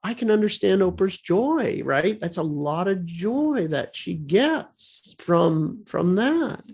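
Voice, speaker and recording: A man co-hosting a radio show, telling a story in a halting way, often repeating words and restarting. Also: sits high, lively intonation, creaky, a little mellow, husky. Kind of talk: casual storytelling.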